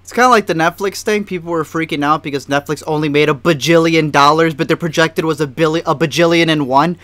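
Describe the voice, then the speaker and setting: Podcast cohost guy, slangy, kinda high voice, dry close mic. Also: steady tone, a bit bright, dry recording. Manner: slangy, quick interjections. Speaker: podcast co-host. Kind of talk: casual podcast discussion.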